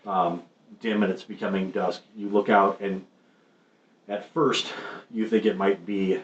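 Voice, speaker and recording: Male game master, low and unhurried, hesitant narration, roomy lo-fi stream sound. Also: level tone. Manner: halting, many ums and restarts. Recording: roomy, muffled stream audio with faint noise.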